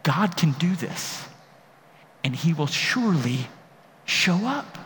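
A man's voice: a little high, big pitch swings, takes it slowly, long pauses, fairly bright tone, slight background noise. Impassioned male pastor preaching in a hall. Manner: emphatic, building to impassioned peaks. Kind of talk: sermon. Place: large room.

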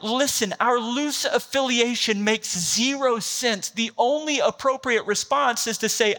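A man's voice: very high voice, moderate pace, hardly any pauses, bright, forceful tone, big-room sound. A man preaching a sermon, retelling a film scene and building to an impassioned, rising climax. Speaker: pastor.

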